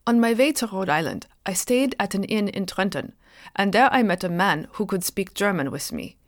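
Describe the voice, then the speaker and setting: A man's voice: high-pitched, expressive, moderate pace, dry recording, clean studio sound. A woman voicing a frightened, illiterate young German prisoner who pleads and protests in a raised voice. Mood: explaining.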